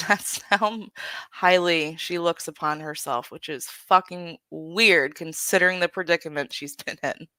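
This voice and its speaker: Bright-voiced woman ranting on stream. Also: lowish voice, a little slow, no room sound, studio quality. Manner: profane, blunt, venting. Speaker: livestream host. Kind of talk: heated livestream rant.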